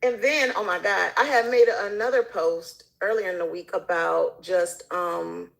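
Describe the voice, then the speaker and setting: Gravelly-voiced woman chatting animatedly. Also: lowish voice, normal speed, low-quality recording. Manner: animated storytelling, acting out quoted people. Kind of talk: casual chat.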